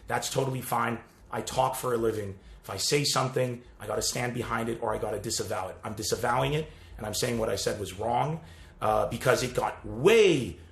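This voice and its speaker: A male comedian talks straight to his followers in an earnest, rambling, apologetic way. His voice sits at an ordinary mid pitch. It is self-recorded, and the room gives it a noticeable echo. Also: a bit bright. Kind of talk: casual apology video to followers. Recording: roomy echo.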